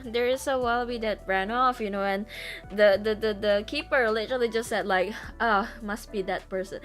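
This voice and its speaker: A woman streamer chatting casually and rambling, laughing often between stories, with squeals of disgust. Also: mid-range voice. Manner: rambling, giggly, lots of laughter and fillers. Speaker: VTuber streamer.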